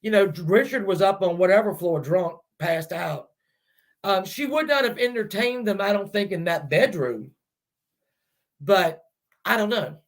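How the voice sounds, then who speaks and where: A man with a high-pitched voice tells a true-crime story in a loose, chatty style. He keeps stopping to rethink a point and fills the gaps with ums. He puts his theories to the viewers as questions. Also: lively intonation, a little slow. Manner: rambling and hesitant, many restarts and fillers; speculates aloud, addressing viewers directly. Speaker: true-crime channel host.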